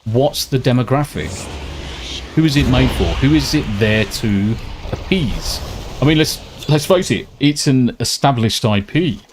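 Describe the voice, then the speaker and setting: A man's voice: mid-range voice, lively intonation, measured pace, a little hiss or hum. A British man streaming a game, ranting and swearing freely in casual chat. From Britain. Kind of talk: casual live-stream chat while gaming.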